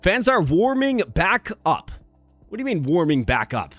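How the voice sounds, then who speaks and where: A man's voice: high-pitched, very animated, normal speed, fairly bright tone, dry recording, faint music behind. A man streaming a management game live, chatting playfully with his viewers as he plays. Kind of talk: casual live-stream commentary.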